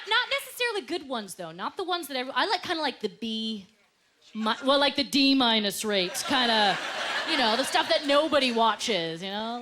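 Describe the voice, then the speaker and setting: A woman doing a stand-up comedy set, animated and laughing through her punchlines as she acts out quoted voices, recorded live on a club stage with a handheld mic. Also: high voice. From Canada. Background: audience laughter and room noise.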